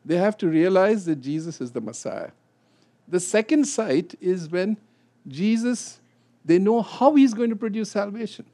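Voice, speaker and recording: A man leading a Bible study, explaining scripture and acting out quotes with a rising, animated voice. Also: high-pitched, unhurried.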